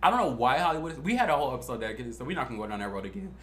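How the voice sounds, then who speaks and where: A young man co-hosting a podcast, chatting casually and telling profane, animated stories. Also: medium pitch, very fast, reverberant. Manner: animated storytelling, profane and playful. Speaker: podcast co-host.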